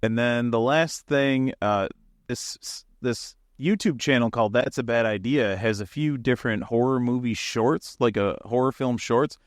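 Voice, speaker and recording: A man co-hosting a casual podcast, speaking at an ordinary middle pitch. He talks with eager enthusiasm, rambles and laughs along the way. The sound is close and dry, with no room echo. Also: measured pace. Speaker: podcast co-host. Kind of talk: casual chat.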